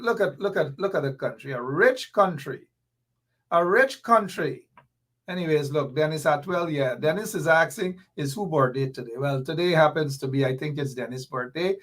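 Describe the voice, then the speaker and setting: A man hosts a live political commentary stream. He talks in fiery bursts, repeats his points, and reads out viewer comments as he goes. His voice sits fairly high for a man. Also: animated, moderate pace, fairly bright tone. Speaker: host.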